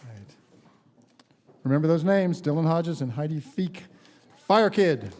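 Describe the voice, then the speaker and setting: Mellow-toned man hosting live radio. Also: a little high, lively intonation, moderate pace, a little hiss or hum. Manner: upbeat, promotional. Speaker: radio show host. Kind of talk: live broadcast announcements. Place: live radio show before an audience.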